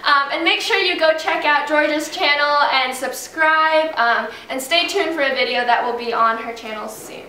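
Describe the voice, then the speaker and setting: A woman's voice: sits high, normal speed, few pauses, bright, forceful tone, a little hiss or hum. A young Australian woman hosting a casual vlog, chatty, playful and giggly. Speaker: vlogger host. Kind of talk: casual chat. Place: indoor room with friends filming. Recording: roomy, from a distance.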